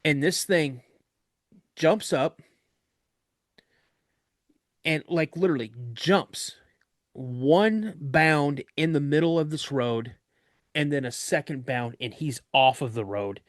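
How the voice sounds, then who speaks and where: A man guest on a podcast, telling a story of an encounter in an animated way and acting out other people's voices. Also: a little high, takes it slowly, long pauses, no echo, studio quality.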